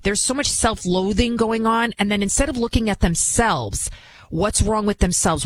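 A man's voice: high-pitched, moderate pace, no echo. A male radio talk show host delivering an indignant, repetitive monologue.

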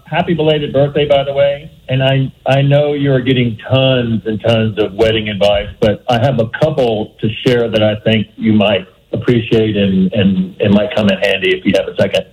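A man phones into a radio talk show and gives advice in an earnest, unhurried way. His voice sits at an ordinary middle pitch. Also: fairly even intonation, darkish tone, rough recording. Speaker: caller.

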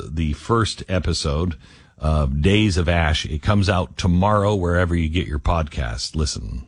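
A man's voice: low-pitched, no room sound, clean studio sound. A man hosting a talk radio show, talking in a rambling way with many fillers and restarts.

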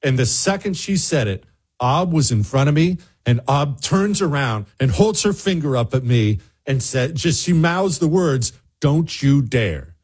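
A man hosting a radio show, telling a funny story to his co-host in a lively, joking way. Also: a little high, normal speed, slightly rough. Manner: lively, joking storyteller who mimics other people's voices. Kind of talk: casual on-air storytelling to a co-host.

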